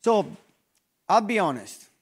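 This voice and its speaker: A man's voice: high voice, very animated, husky. Italian-accented man giving a stage talk. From Italy. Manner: non-native English with restarts, drops to very slow, soft delivery for effect. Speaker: investor giving a conference talk.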